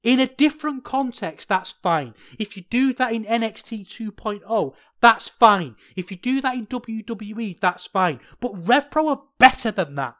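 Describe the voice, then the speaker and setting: A man hosting a solo podcast, talking in an animated, ranting way that swings from worked-up to sheepish. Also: high voice, moderate pace, few pauses. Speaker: podcast host.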